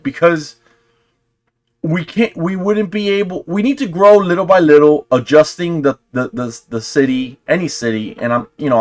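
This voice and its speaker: A young man hosting a casual reaction commentary, sarcastic and animated, dropping slang and restarting his sentences. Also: medium pitch. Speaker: commentary channel host.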